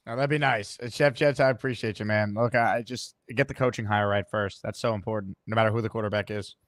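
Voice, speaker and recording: A man hosting a live call-in sports show, talking quickly and upbeat, often repeating words. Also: fairly low pitch, fairly even intonation, no echo, studio quality. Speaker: host.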